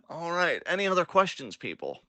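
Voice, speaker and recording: A man co-hosting a casual wrestling podcast, animated, laughing often and swearing freely. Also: sits high, moderate pace, no echo. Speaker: podcast co-host.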